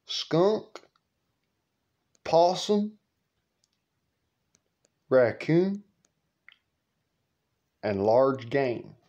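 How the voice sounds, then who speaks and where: A man doing a gruff, cursing country father. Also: mid-range voice, big pitch swings, very slow, long pauses, darkish tone, muffled recording, heavily acted. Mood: gruff instructive. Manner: drawling, cursing, scolding. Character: gruff rural father teaching his son.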